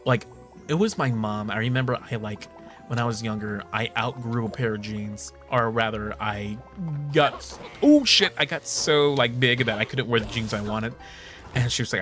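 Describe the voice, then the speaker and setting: A man's voice: moderate pace, fairly bright tone. Swearing, laughing young man streamer. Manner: candid, swears often, laughs a lot; jumps into high mocking voices for quoted people. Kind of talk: casual chat while gaming. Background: game music.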